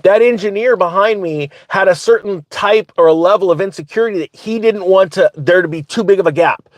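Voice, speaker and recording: A man hosting his own channel, telling a story in a casual, animated way and often laughing as he talks. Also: sits high, a little fast, dry recording. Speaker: finance commentator, channel host.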